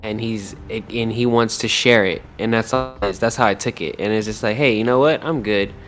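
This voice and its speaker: A man co-hosting a podcast, speaking in a relaxed, reflective way with many fillers. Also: lowish voice, a little fast, over music. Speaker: podcast co-host. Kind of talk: casual chat.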